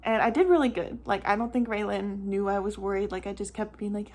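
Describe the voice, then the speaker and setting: A woman's voice: medium pitch, a little fast, darkish tone. A young woman and mother telling a casual storytime vlog, chatty and rambling with many "like" fillers, close to tears at times.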